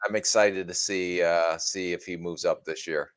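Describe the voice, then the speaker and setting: A man with a very low voice, co-hosting a sports podcast and weighing in with measured, plain-spoken takes. The audio is dry and close, with no room sound. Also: steady tone, no room sound. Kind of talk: casual sports podcast chat.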